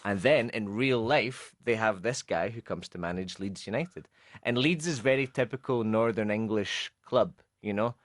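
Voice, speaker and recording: A Scottish man with a lowish voice, co-hosting a radio show and teaching English phrases. He explains patiently with everyday examples and drops in the odd Spanish word. The sound is dry and close. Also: moderate pace, no room sound.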